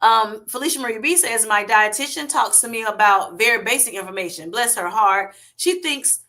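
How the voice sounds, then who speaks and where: A woman with a Southern US accent hosts a casual livestream, chatting with viewers and reading their comments aloud in a folksy manner while laughing often. Her voice is on the high side, fairly quick, pushed and bright.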